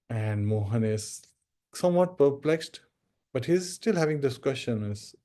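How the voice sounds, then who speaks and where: A man's voice: medium pitch, animated, a little slow, warm tone. A man giving a devotional discourse, telling a story and addressing listeners as devotees. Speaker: spiritual speaker.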